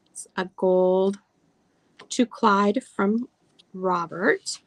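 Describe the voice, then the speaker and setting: A woman's voice: mid-range voice, unhurried, creaky, pauses often, dry recording. A woman hosting a live sale of vintage items, chatting casually and reading old card verses aloud. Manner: chatty, lingers over details, reads card verses aloud. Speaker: online seller showing vintage items. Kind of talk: casual live sales chat.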